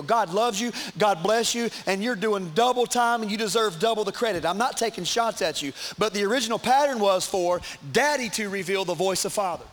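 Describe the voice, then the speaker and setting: A man preaching a sermon to his congregation in church, emphatic and repetitive, with asides to the crowd. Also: high-pitched. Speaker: pastor.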